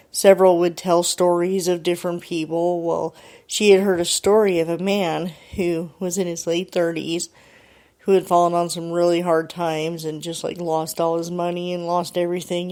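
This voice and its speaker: A woman's voice: lowish voice, a little mellow. A woman radio host retelling a listener's ghost story, quoting her line by line in a chatty way. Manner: chatty, quotes the caller line by line.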